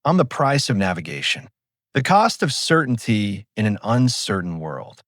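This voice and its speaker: A man voicing a calm, commanding, cruel spirit in the fog that knows too much. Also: on the low side, moderate pace, dry recording, clean studio sound.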